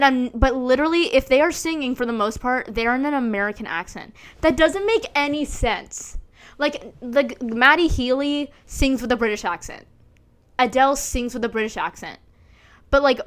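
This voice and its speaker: A young woman hosting her own show, talking alone in a rambling, casual way, full of "like" and the odd swear. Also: fairly high pitch. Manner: rambling, filler-heavy, animated, swears. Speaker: podcast host. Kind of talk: casual solo chat.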